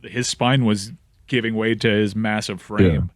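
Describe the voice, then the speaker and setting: A man co-hosting a sports podcast in casual banter, retelling stories with animated detail on a studio mic. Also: lowish voice, normal speed, no room sound. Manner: storytelling, animated retelling of news. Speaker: podcast co-host.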